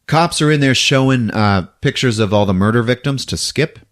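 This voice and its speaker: A man hosting a casual podcast, recapping a film with a lively, animated storytelling manner. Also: medium pitch, normal speed. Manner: animated storyteller, laughing, acts out scenes. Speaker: podcast host. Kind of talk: casual movie recap chat.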